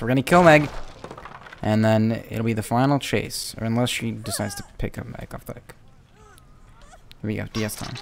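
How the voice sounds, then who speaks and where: A young man giving chatty, casual commentary while playing a video game, talking to himself and sometimes breaking into excited yells. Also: fairly low pitch, creaky, background noise. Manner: chatty, self-talking, bursts into excited yelling. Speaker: gaming YouTuber.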